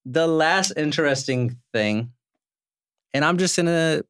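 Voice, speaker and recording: Swearing man telling lively anecdotes. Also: fairly high pitch, unhurried, clean tone, dry recording, studio quality. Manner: animated anecdotes with frequent swearing. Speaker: podcast host. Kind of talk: casual chat, storytelling.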